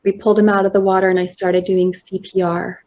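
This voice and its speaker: A woman in her thirties giving a personal storytelling talk at a conference, slow and measured, acting out quoted dialogue. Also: mid-range voice, level tone, darkish tone. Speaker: conference speaker. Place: conference hall.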